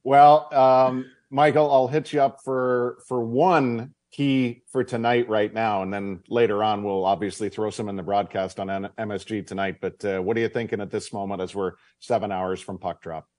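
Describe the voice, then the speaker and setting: Deep-voiced hockey broadcaster, dry sound. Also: male voice, steady tone, moderate pace, hardly any pauses, a little mellow, no echo. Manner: chatty, promotional. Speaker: radio and TV hockey broadcaster, host. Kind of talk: casual sports radio talk.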